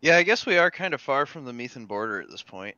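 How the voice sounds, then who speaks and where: Male player, bright crisp voice, dull lo-fi mic. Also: mid-range voice, big pitch swings, quick pace. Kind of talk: casual tabletop chat.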